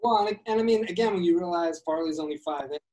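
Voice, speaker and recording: A man's voice: high-pitched, fast talker, darkish tone, poor audio. A man co-hosting a casual chat, talking at length and reflecting on his points.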